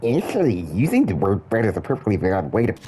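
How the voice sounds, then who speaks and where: A man's voice: on the low side, wildly swooping pitch, fast talker, noisy background. A man giving wry, sarcastic, nitpicky commentary while playing a video game. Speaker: gameplay commentator. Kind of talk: let's play commentary.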